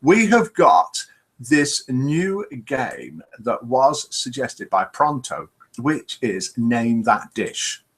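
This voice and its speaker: Hosting a laid-back live stream, a man reads out scores and welcomes viewers by name in a chatty way. His medium-pitched voice is fairly bright and husky, sing-song, with drawn-out words.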